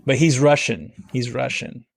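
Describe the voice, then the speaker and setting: A man's voice: medium pitch, moderate pace, vocal fry, husky. A man, a guest comedian and actor, talking casually and rambling with many fillers and laughs. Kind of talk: casual podcast conversation. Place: home, near Philadelphia.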